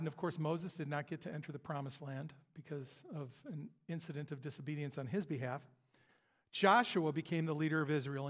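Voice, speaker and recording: A man preaching a sermon in a church, retelling scripture as a story with emphatic pauses. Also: on the high side. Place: church sanctuary. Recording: long hall reverb.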